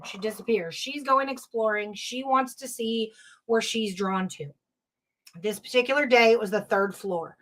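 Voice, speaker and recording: Woman, paranormal podcast host, slightly high voice, loose rambling delivery, frequent fillers. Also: fairly bright tone. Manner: rambling, frequent ums and uhs, reads chat comments aloud. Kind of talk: casual live-show storytelling.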